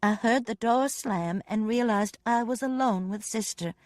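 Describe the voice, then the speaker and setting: A woman narrating a first-person audiobook with expressive, dramatic storytelling. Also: medium pitch, moderate pace, hardly any pauses, dry recording, clean studio sound.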